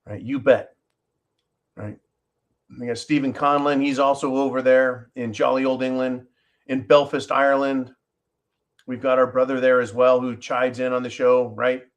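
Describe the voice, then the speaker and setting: A man's voice: mid-range voice, flat delivery, normal speed. A man hosting a live stream, talking passionately and emphatically to his viewers, swearing freely and calling them folks. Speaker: live show host.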